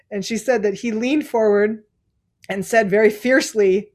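A woman's voice: mid-range voice, moderate pace, a little mellow. Reflective woman giving a dharma talk. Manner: reflective, laughs often, many fillers. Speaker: Zen teacher.

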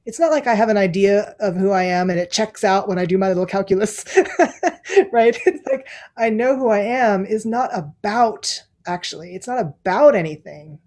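A woman's voice: medium pitch, lively intonation, normal speed, darkish tone. Woman Zen teacher, mid-range voice, musing dharma talk with frequent laughs. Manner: reflective, laughs often, many fillers.

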